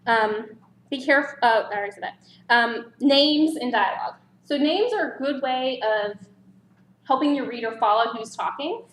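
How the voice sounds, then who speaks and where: A woman presenting a writing workshop in a casual, chatty way, animated with light laughs. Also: a little high, normal speed. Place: library meeting room. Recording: roomy echo, faint background noise.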